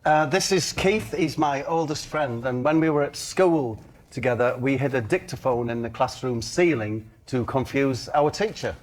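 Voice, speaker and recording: A man on a comedy panel show telling an absurd story in a deadpan, unhurried way. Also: mid-range voice.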